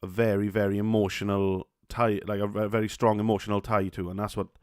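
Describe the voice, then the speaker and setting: A man's voice: on the low side, flat delivery, a little fast, clean tone, dry recording, studio quality. A young man with a Welsh accent hosting a solo podcast, talking casually with many fillers, restarts and swear words. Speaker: podcast host.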